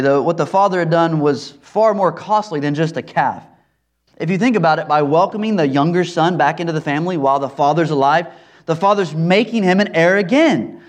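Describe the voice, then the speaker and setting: Earnest preacher man, fairly high voice. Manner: earnest, emphatic, repeats phrases for stress. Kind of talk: expository sermon.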